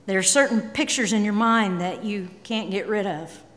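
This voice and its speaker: A middle-aged woman giving a candid, emotional personal talk on stage, swinging between quiet and emphatic. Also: mid-range voice, moderate pace. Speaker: speaker. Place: large hall. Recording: long hall reverb.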